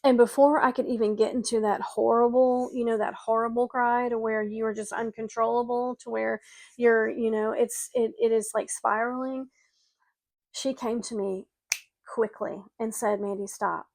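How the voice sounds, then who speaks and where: A middle-aged woman with a fairly high voice tells a personal story of loss in an earnest, emotional way. She speaks directly to grieving listeners as a spiritual coach. The sound is dry and close, with no room around it. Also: flat delivery, moderate pace, a little mellow, dry recording.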